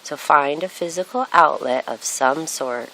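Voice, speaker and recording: A middle-aged woman speaking in a reflective, earnest way, often pausing with fillers and restarting her sentences. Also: low-pitched, bright, forceful tone, low-quality recording. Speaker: spiritual speaker. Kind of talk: casual spiritual monologue. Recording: faint hiss.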